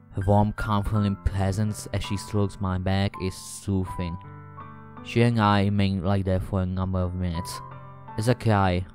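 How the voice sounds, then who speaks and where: Low-voiced man narrating a story. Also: darkish tone. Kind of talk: first-person story narration.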